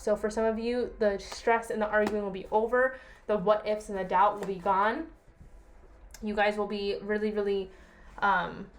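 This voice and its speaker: A young woman talks through a tarot reading for her viewers. Her voice sits at an ordinary pitch, and she speaks in a relaxed, chatty way. She keeps reassuring the listener and checks in with a friendly "okay?". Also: a little hiss or hum. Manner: chatty, reassuring, repeats herself, asks "okay?". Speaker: tarot reader. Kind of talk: casual tarot reading to camera.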